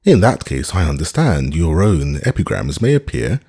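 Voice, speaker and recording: A man with a husky voice voicing a ponderous, dry older male professor who speaks in a measured way, in a storybook reading. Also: low voice, very animated, warm tone, exaggerated voice.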